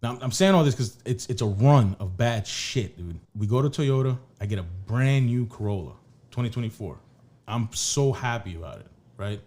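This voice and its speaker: A man's voice: fairly low pitch, lively intonation, moderate pace, a little mellow. Male podcast co-host, loose profane storyteller, restarts mid-sentence. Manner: rambling, profane, restarts often. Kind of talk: casual storytelling chat.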